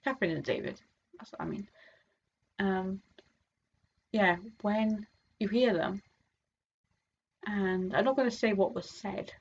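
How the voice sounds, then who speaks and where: A woman's voice: medium pitch, unhurried, long pauses, husky, muffled recording. A woman chatting casually to camera as a fan vlogger, rambling with many fillers and restarts. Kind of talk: casual chat.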